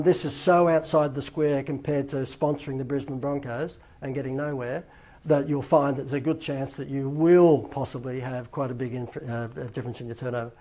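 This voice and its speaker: Fast-talking Australian man telling stories. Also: mid-range voice, a little mellow. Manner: rambling, acts out quoted dialogue. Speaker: host. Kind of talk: casual anecdotal storytelling.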